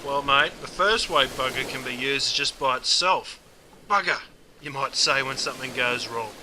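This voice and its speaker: A man's voice: on the high side, noisy background, close to an everyday voice. A man voicing a cheeky knockabout Australian bloke, talking in a broad, slangy Australian drawl with "mate" at every turn. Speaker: slang explainer.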